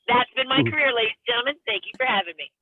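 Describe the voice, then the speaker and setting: A woman's voice: fairly high pitch, lively intonation, racing, a crowd in the background. A woman stand-up comedian ranting in an exasperated, self-mocking way on a video call. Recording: tinny phone-like line.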